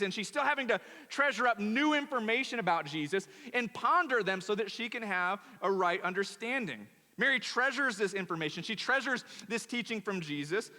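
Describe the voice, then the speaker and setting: A male pastor preaching a sermon in a church, animated and emphatic, often repeating words. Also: sits high. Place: church auditorium. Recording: long church hall reverb.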